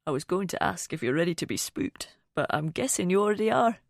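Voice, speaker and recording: Woman doing a Scottish male tour guide, smooth and dry, teasing, low voice, dry close sound. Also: lively intonation, fast, no echo.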